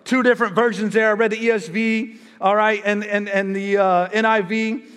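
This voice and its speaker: Male pastor, lively and exhorting, fairly high voice, church reverb. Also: moderate pace, smooth. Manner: energetic, exhorting, joking with the congregation. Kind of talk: sermon. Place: church sanctuary.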